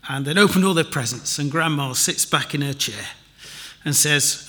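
A man's voice: fairly high pitch, expressive, normal speed, pushed and bright, a little hiss or hum. A man giving a chatty church sermon and notices, with wry, self-deprecating asides. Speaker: preacher.

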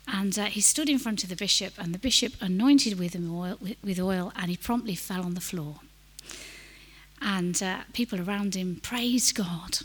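A middle-aged woman preaching a sermon, telling a personal story in an earnest, self-deprecating way. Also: mid-range voice.

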